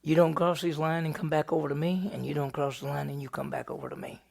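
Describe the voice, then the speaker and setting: A man's voice: on the high side, fairly even intonation, fast talker, gravelly. A male pastor teaching a Bible lesson, retelling the story with energy and firing off rhetorical questions.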